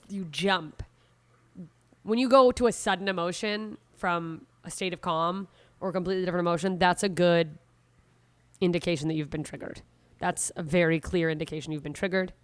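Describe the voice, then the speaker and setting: A woman's voice: lowish voice, smooth, no echo. A woman hosting a solo podcast, talking casually and rambling, correcting herself as she goes and acting out inner voices. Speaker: podcast host.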